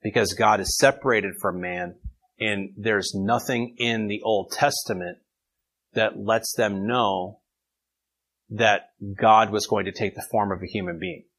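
A man's voice: lowish voice, fairly even intonation, unhurried, fairly bright tone, rough recording. A man leading an informal Bible study, reading verses and taking questions from his group in a conversational way.

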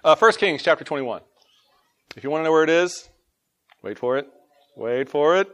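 A man with a Southern twang leads a relaxed Bible lesson, his voice pitched a touch high for a man. He jokes, laughs at his own stumbles, then reads scripture aloud in a steady teaching voice. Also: moderate pace.

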